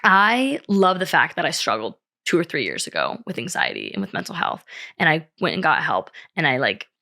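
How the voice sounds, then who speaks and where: A woman's voice: sits low, wildly swooping pitch, fairly quick, pushed and bright. A young woman hosting a solo podcast, talking candidly with lots of fillers and frequent swearing. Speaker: podcast host. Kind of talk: casual solo podcast chat.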